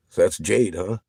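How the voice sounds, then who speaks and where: A man chatting casually with viewers on a livestream. He swears constantly, gets excited and laughs often. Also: fairly high pitch, slightly rough, no room sound.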